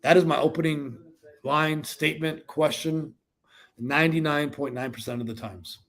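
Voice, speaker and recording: Casual gravelly-voiced man coaching. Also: a little high, steady tone, normal speed, a bit bright. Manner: conversational, answers viewer questions, acts out sales calls. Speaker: co-host of a real estate sales livestream.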